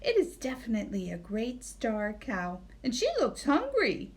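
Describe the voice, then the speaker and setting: A woman's voice: on the high side, huge pitch swings, measured pace, exaggerated voice. A woman voicing a bossy female cow in a storybook, mooing and indignant.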